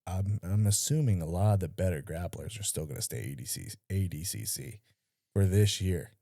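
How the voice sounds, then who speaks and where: A man co-hosting a casual sports podcast, jokey and animated, slipping into quick mock voices. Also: sits low, no room sound, clean studio sound. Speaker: podcast co-host.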